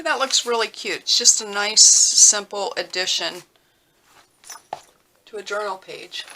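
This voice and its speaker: A woman talking casually while she works on a craft project at home, rambling and thinking out loud with lots of fillers. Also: lowish voice. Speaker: crafting vlogger. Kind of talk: casual craft tutorial chat. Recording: noisy with clicking sounds.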